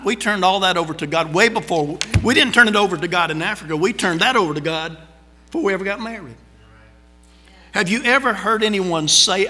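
A middle-aged man, preaching a folksy storytelling sermon in a church sanctuary. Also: fairly high pitch. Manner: folksy, conversational, animated storytelling. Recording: long hall reverb.

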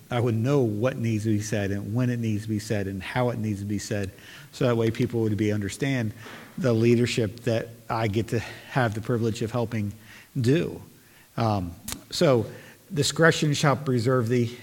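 A man's voice: medium pitch, in a large hall. A man preaching a sermon as pastor, talking earnestly and conversationally and reading scripture aloud.

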